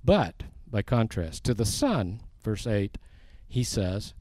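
A man's voice: on the low side, very animated, darkish tone, no echo. A man teaching a sermon verse by verse, reading scripture aloud and rising in force on the quoted lines. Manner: slow, deliberate, rising for emphasis on quoted scripture. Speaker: preacher.

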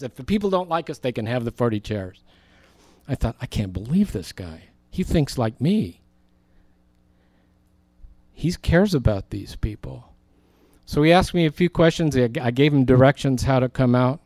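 A middle-aged man, a pastor, preaching a sermon and telling a story in an animated way, acting out the people he quotes. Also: medium pitch, normal speed, no echo.

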